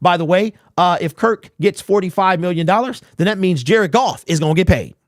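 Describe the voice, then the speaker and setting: On his live sports talk stream, this young host speaks briskly in a high-sitting voice, bluntly ranting, reading out chat and peppering his remarks with rhetorical questions. Audio is studio quality, with no room sound.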